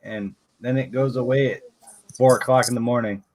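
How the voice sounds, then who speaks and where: A man's voice: medium pitch, steady tone, normal speed, darkish tone. A man hosting a casual live chat, laid-back and swearing freely.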